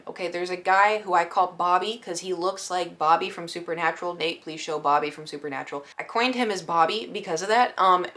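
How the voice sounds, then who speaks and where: A woman's voice: lowish voice, a bit bright. A woman streamer telling a casual storytime, chatty and self-deprecating, with lots of fillers.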